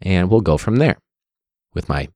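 A man with a Chicago accent hosting a casual interview podcast, relaxed and rambling, laughing at himself now and then. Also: deep voice, moderate pace, no echo. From United States. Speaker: podcast host.

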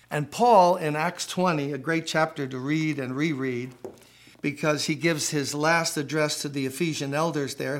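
A pastor preaching a podcast sermon to church leaders, emphatic and conversational, repeating key phrases and asking rhetorical questions. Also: male voice, fairly high pitch.

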